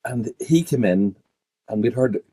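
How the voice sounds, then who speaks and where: Animated man telling stories. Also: medium pitch, measured pace, breathy edge. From Northern Ireland. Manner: animated storyteller, acts out quotes. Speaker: podcast guest. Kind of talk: casual chat, storytelling.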